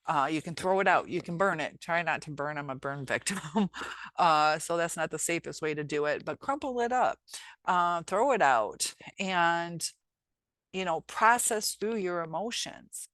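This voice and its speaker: Earnest woman with a low, dry voice. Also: expressive, measured pace, a bit bright, dry recording. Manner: earnest, encouraging, reflective. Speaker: teacher and healing vlogger. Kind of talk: casual motivational vlog talk.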